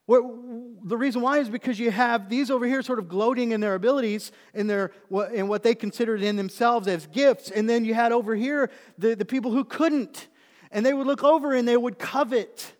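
A middle-aged man, a pastor preaching a sermon, telling a story and then building into animated emphasis. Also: very high voice, a little fast. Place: church sanctuary. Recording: long reverb of a church hall.

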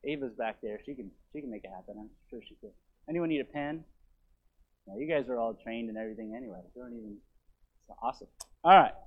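A man preaching a sermon in a church, reading scripture with heavy emphasis and dropping to quick, quiet asides. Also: mid-range voice, breathy edge, narrow, tinny audio. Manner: emphatic, slowing to stress scripture words. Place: church sanctuary.

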